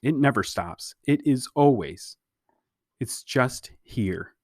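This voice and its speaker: A man reading aloud and voicing a dreamy, whimsical teenage girl who speaks softly and slowly. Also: medium pitch, animated, husky, dry recording, clean studio sound, exaggerated voice.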